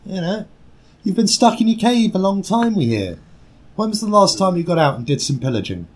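A man's voice: high voice, animated, fairly quick. A man playing a tabletop game, joking and giggling, stumbling over his words. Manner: giggly, joking, stammering restarts. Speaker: player. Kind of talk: casual chat.

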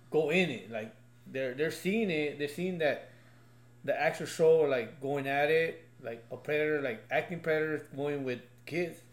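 A man's voice: fairly high pitch, reverberant. A father in casual podcast chat, telling loose anecdotes and leaning on filler words.

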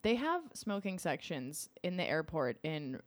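A woman with a lowish voice co-hosts a podcast, chatting and laughing her way through stories. The recording is dry and close. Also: very animated, a little slow, no echo. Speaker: podcast co-host. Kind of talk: casual chat.

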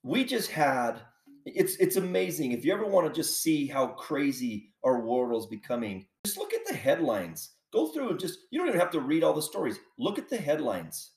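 A man's voice: on the high side, huge pitch swings, moderate pace, echoey room, far from the mic. A man hosting a podcast, delivering a heated political monologue full of repeated rhetorical questions. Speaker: podcast host.

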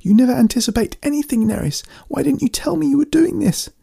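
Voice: high-pitched, fast talker, creaky, dark tone, no room sound, clean studio sound, pitched above the performer's own voice. A man reading a storybook, voicing a hysterical woman who shrieks accusations. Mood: shrieking.

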